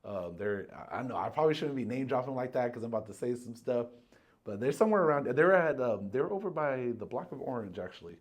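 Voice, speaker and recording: A man's voice: medium pitch, lively intonation, quick pace. A man guest casually telling a story on a podcast, acting out quotes and swearing freely.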